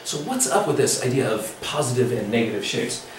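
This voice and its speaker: A middle-aged man teaching a live drawing workshop, relaxed and playful as he talks with the room. His voice sits at an ordinary pitch and comes from a distance, with heavy echo in a large hall. A steady hiss of room noise runs underneath. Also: fairly quick. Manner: chatty, animated, playful with the audience. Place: large echoey lecture room. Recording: echoey hall recording from far off.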